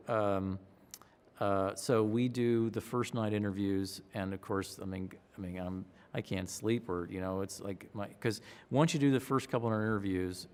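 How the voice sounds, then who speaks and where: A man, a pollster, recounting a campaign story in an interview, acting out his own excitement with gasps and a raised voice. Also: on the low side, clean tone. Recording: long hall reverb.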